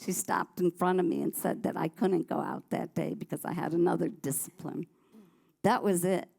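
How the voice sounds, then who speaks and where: Gravelly-voiced woman telling her testimony. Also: lowish voice, normal speed. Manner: vivid, animated storytelling with frequent restarts. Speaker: guest sharing her testimony. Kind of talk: personal testimony on a church talk show.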